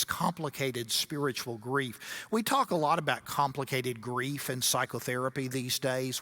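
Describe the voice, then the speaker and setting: Middle-aged male guest lecturer, bright voice, storytelling with dry humor. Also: medium pitch. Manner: storytelling with wry asides. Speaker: guest speaker at a grief seminar. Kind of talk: seminar lecture.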